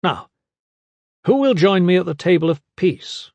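Brief: male narrator doing a furious warlord who barks orders, pushed high and loud, dry booth sound. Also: lively intonation, measured pace, gravelly, dry recording, exaggerated voice. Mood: menacing. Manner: shouting commands.

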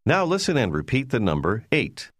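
A man giving scripted instructions in a language course, prompting the listener in a clear, measured way. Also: medium pitch, wildly swooping pitch, dry recording, studio quality.

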